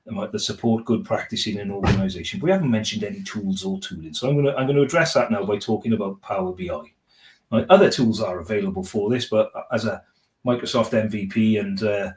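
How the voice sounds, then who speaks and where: Lower-pitched man presenting, constant "right?". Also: recorded from a distance. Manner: peppers sentences with "right?" tag questions; upbeat, motivational delivery. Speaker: conference speaker. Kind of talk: technical conference presentation. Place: conference room. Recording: roomy conference room echo.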